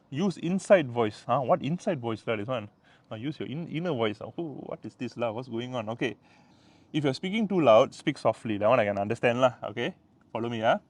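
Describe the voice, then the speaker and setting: A man's voice: medium pitch, lively intonation, moderate pace, pauses often, dry recording. A man with a Malaysian English accent teaching in a casual vlog lesson, patiently repeating words and tagging sentences with "lah" and "ah". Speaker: language tutor.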